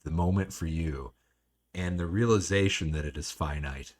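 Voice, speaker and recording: A man's voice: sits low, moderate pace, a little mellow. A man hosting a podcast, talking in a reflective way and searching for his words. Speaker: podcast host. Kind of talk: casual chat.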